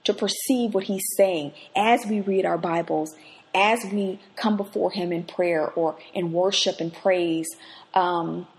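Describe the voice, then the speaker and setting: A faith podcast host and Bible teacher speaks a little slowly in a lowish voice. Her devotional teaching is expressive, alternating between hushed reflection and energetic personal anecdotes.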